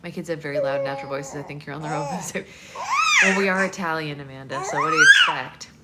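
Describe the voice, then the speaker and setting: Lively low-voiced woman reading aloud. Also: quick pace. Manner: switches between reading a novel and cooing softly to a baby. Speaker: book club host reading aloud. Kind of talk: casual livestream read-aloud and chat. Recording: loud background noise.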